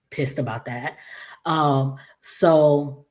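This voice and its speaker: A woman casually recapping a soap opera episode in a chatty, animated way, with lots of fillers. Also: deep voice.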